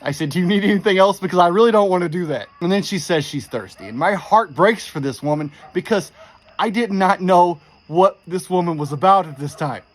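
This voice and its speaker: A man telling a creepy true story in a casual, animated way, quoting the people in it with exasperation. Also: high-pitched, fairly quick. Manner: animated, exasperated retelling with quoted dialogue.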